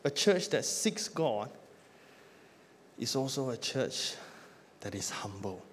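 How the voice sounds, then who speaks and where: A male pastor delivering a sermon, building emphatic lists and then dropping to a hushed close at the end of each point. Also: mid-range voice, sing-song, takes it slowly, a little hiss or hum. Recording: long reverb of a church hall.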